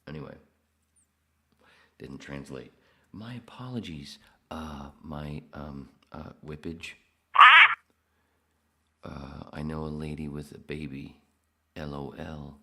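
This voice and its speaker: A man's voice: extremely low pitch, takes it slowly, gravelly, pauses often, a little mellow. A man hosting a podcast alone, reading the live chat aloud with crude, self-mocking jokes. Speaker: podcast host. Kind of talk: solo livestream chat reading.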